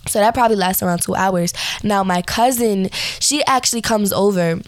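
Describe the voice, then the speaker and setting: Tired, hoarse young woman telling a story. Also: mid-range voice, normal speed, dry recording. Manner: rambling, restarts, many "like" fillers. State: hoarse, recovering voice; tired, yawning. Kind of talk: personal storytelling.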